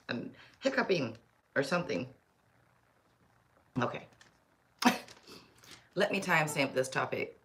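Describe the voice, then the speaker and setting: A woman's voice: very deep voice, expressive, slow pace, long pauses, fairly bright tone. A woman hosting a tarot live stream, chatting casually and rambling, often talking to herself. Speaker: tarot reader livestream host. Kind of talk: casual livestream chat.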